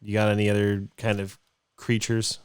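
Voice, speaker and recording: A man co-hosting a podcast in casual chat, relaxed and low-key in the way he talks. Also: normal speed, smooth. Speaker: podcast co-host.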